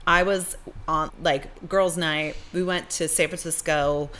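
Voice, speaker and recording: Woman podcast cohost, lowish voice, chatty and animated storytelling. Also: a little slow. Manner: animated, acts out voices in her stories. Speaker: podcast co-host. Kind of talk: casual storytelling chat.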